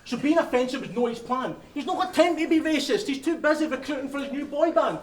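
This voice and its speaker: A man's voice: very high-pitched, animated, fast, a little hiss or hum. A Scottish man performing crude, taunting bars in a live rap battle, often laughing at his own lines, in a large venue. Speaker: battle rapper. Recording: echoey hall with loud crowd.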